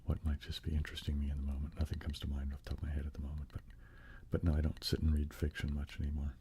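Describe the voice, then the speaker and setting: A man hosting a soft-spoken ASMR live stream, chatting casually with viewers and breathing whispered trigger words. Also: a bass voice, monotone, rapid-fire, slight background noise. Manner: chatty, answering viewers' comments.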